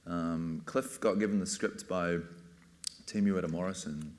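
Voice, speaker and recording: A man's voice: low voice, measured pace, a little mellow. A man speaking as a film director on a panel, rambling casually with many fillers. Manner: rambling, full of "you know" and "like".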